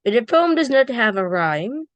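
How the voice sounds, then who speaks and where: A woman teaching a lesson on poetry, explaining slowly with fillers and self-corrections. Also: fairly high pitch, very animated, no room sound, muffled recording. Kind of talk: classroom lecture on poetry.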